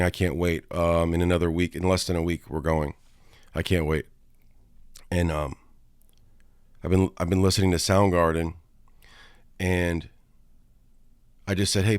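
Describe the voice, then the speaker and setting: A man's voice: sits low, smooth, no echo, studio quality. A man from Florida hosting a casual film-review podcast, rambling through an anecdote with frequent restarts and offhand swearing. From Florida, USA.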